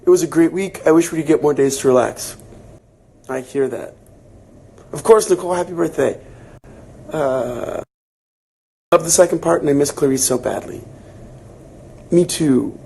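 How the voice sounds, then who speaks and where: Young man, livestream book club host, husky, dark mellow tone, casual rambling chat, webcam at home. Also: fairly high pitch, moderate pace, pauses often. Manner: chatty, relaxed, filler-heavy, reacting to comments. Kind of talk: casual livestream chat reading viewer comments.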